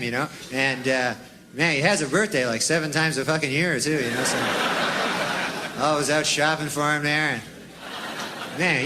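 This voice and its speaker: A man doing a deadpan, rambling stand-up routine full of folksy asides. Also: a little high. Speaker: stand-up comedian. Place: comedy club stage with laughing audience. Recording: live club recording with crowd and noise.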